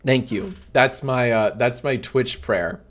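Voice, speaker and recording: A man in his thirties hosts a live stream, talking off the cuff and mocking what he reads aloud. He swears freely, slips into sarcasm and breaks into high-pitched laughter. His voice sits at an ordinary middle pitch. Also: slow. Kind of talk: casual live-stream chat.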